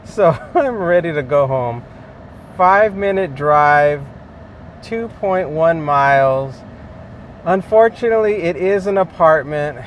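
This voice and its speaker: A man's voice: a little high, expressive, slow, lo-fi sound. A man talking casually to camera while out on delivery runs, chatty and full of fillers and chuckles, recorded inside a car. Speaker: delivery driver vlogger. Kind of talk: casual ride-along narration. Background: faint car and street noise.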